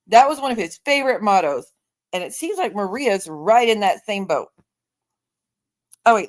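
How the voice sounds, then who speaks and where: A woman's voice: mid-range voice, brisk. A woman in her forties chatting casually on her livestream, reading viewer comments aloud and talking back to them. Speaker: livestream host.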